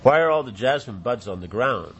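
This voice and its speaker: A man reading the lines of a lovesick young woman, exclaiming and lamenting in his own lowish voice. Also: lively intonation, brisk, lo-fi sound, a little hiss or hum, natural voice.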